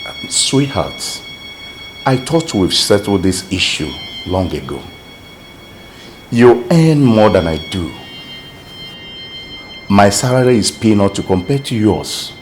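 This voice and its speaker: A man playing a soft-spoken husband who pleads and tries to calm his wife, in a film scene with faint music under it. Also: lowish voice, takes it slowly, pauses often, a little hiss or hum. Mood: pleading. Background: background music.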